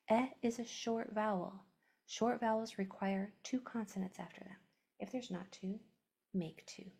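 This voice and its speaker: A woman's voice: mid-range voice, moderate pace, gravelly, darkish tone, husky. A woman teaching a phonics lesson to a class, sounding out letters and syllables, often dropping to a whisper.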